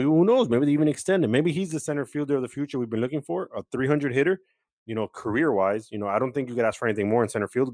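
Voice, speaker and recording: A man hosts a sports podcast from home and talks in a chatty, upbeat way. His voice is mid-pitched and dry, picked up close to the mic. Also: darkish tone, no room sound. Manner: upbeat, chatty, many fillers. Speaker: podcast host. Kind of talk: casual sports chat.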